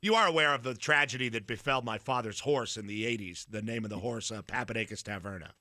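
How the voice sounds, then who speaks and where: Radio host dude, super bright tense voice, jokey, keeps going what what what, dry studio sound. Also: male voice, fairly low pitch, fast, no room sound. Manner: joking, stammering repetitions. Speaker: radio sports talk host. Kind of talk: sports radio banter.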